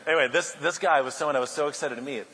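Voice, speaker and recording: A man giving a keynote speech at a luncheon, an animated storyteller who builds to loud outbursts. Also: on the high side, rapid-fire, slight background noise. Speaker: keynote speaker. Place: large banquet hall. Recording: echoey hall, faint ambience.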